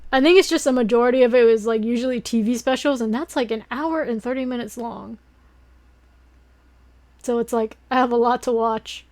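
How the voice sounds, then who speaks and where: A young woman streamer rambling in a casual late-night chat, breaking into giggles and excited fangirling. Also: on the high side, brisk.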